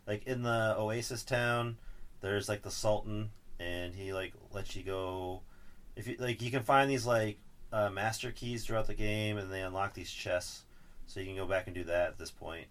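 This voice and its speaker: A man's voice: lowish voice, moderate pace, fairly bright tone. A man co-hosting a podcast, chatting casually about a game and animatedly acting out characters' lines. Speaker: podcast co-host. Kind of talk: casual game recap chat.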